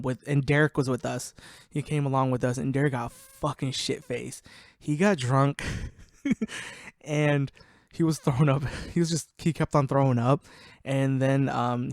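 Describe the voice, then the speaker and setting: A man's voice: medium pitch, dry recording, studio quality. A young man hosting a podcast, swearing freely and laughing through casual stories about his friends. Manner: profane, laughing, animated storyteller. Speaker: podcast host. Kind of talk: casual storytelling.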